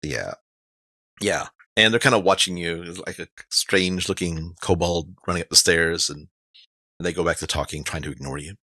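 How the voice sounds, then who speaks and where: A man's voice: low voice, normal speed, sharp tone, dry recording. A man narrating as game master in a casual, rambling way.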